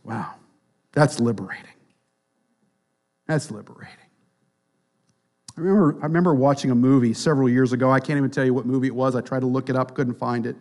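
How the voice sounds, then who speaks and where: A man preaching a sermon, swinging between quiet, near-whispered lines and loud, emphatic passages. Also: mid-range voice, fairly even intonation, racing, few pauses.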